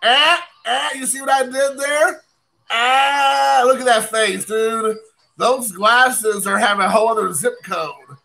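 A man with a high, gravelly voice talks in a rambling, self-mocking way, tossing out asides to viewers as he opens card packs. His tone is very bright and sharp, and faint music plays behind him. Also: rough recording. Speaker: card collecting channel host. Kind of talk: casual live-stream chat while opening cards.

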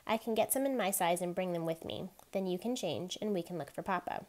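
A woman reading a novel aloud, voicing a sad, gentle young boy in a quiet, subdued way. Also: on the low side, brisk, natural voice.

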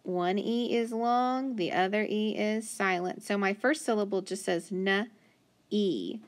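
A woman teaching a children's phonics lesson, patiently sounding out syllables and praising answers. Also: medium pitch. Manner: slow, patient, sounding words out. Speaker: reading teacher.

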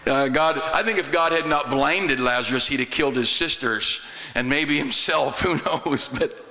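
A man's voice: medium pitch, moderate pace, sharp tone, in a large hall. A man with an American accent, a pastor preaching a folksy, humorous sermon in a church. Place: church sanctuary.

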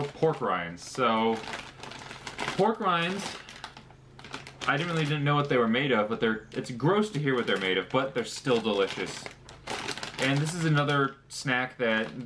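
A man's voice: medium pitch, noisy background. A young man talking casually through a snack review, chatty and joking, with fillers as he lists details. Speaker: vlogger.

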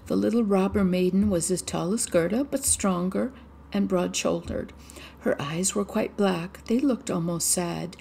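Woman storyteller, fairy tale reading, gravelly and dark-toned. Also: fairly low pitch, unhurried, a little hiss or hum.

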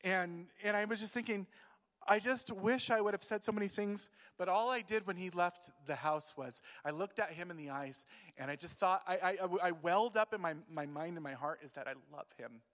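A man giving an emotional sermon as a youth pastor, moving between quiet grief and loud urging. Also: high-pitched, moderate pace. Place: church hall. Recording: long hall reverb.

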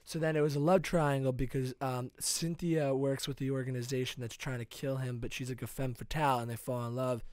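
Deadpan male podcast co-host. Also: medium pitch, brisk, hardly any pauses, no room sound. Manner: deadpan absurd storytelling. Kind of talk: casual comedic chat.

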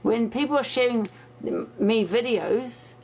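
A woman's voice: on the high side, measured pace, vocal fry, a little mellow, slightly rough. A woman ranting in a social media clip, insistent and repetitive. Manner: insistent, repeats herself. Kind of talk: TikTok video rant.

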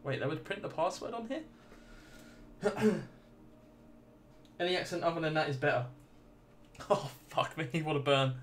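A man's voice: a little high, lively intonation, moderate pace, long pauses, a bit bright, a little hiss or hum. Swearing, laughing gaming streamer man. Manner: profane, laughing reactions while chatting with viewers. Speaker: gaming livestreamer. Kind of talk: casual let's play commentary.

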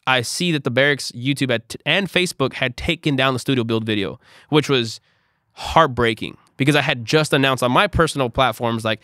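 A man's voice: medium pitch, brisk, a bit bright, no echo, studio quality. A young man telling a frustrated personal story to camera, quoting back the exchanges he had. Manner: frustrated, emphatic retelling with quoted exchanges. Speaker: content creator. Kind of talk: storytime vlog.

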